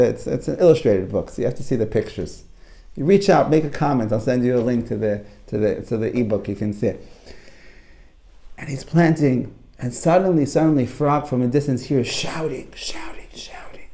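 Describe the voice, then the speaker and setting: A man gives a Torah talk to a live audience as a coach, in a lively storytelling manner. He often restarts and repeats his phrases. His voice is mellow and mid-pitched. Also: brisk, gravelly.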